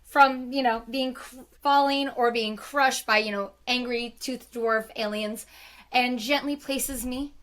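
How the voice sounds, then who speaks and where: Player, female, high and bright, chatty rambling storyteller. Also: steady tone, a little slow. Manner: chatty, self-amused, rambling asides. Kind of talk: in-character storytelling in a tabletop game.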